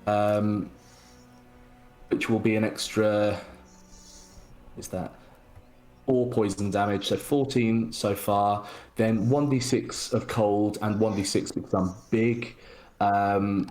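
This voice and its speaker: Slow, hesitant man playing a game. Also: lowish voice, level tone, a little mellow, faint music behind, poor audio. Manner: hesitant, full of uhs and ums. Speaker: player. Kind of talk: tabletop game play.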